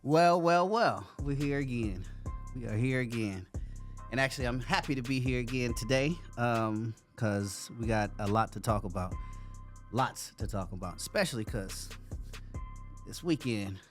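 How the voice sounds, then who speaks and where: A man's voice: mid-range voice, moderate pace, faint music behind. A man co-hosting a podcast in casual chat, loose and profane, laughing often as he talks. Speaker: podcast co-host.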